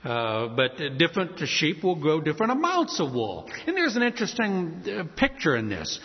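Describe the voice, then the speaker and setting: A man preaching a sermon in a folksy, storytelling way, acting out little scenes as he goes. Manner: folksy, storytelling, lively pitch. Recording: dull lo-fi sound with long hall reverb.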